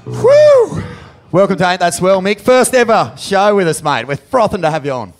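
Sweary, higher-pitched Australian man hosting. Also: expressive, fairly quick, music in the background. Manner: sweary, effusive, hyping the crowd. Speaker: podcast host. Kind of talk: live podcast hosting. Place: live show in a pub venue.

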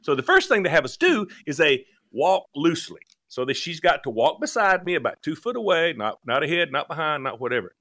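A man telling a long comic story on a talk show, lively and laughing, acting out the voices of the people in it. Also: a little high, brisk, few pauses. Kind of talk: animated storytelling.

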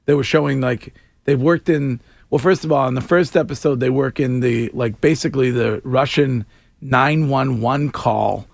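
A man's voice: mid-range voice, normal speed, vocal fry, no echo. A man hosting a radio talk show, rambling casually into a close studio mic. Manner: rambling, restarts and laughs.

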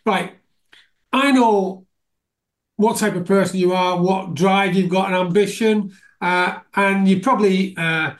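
A man's voice: high voice, unhurried. A man from Scotland hosting a casual interview, chatty and enthusiastic, laughing often. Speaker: podcast host.

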